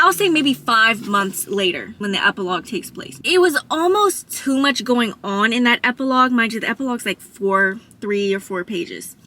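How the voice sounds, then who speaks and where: A woman's voice: mid-range voice, bright, forceful tone. A woman chatting casually about books on her vlog, emotional and talking straight to her viewers. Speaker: book vlogger. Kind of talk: casual book review chat.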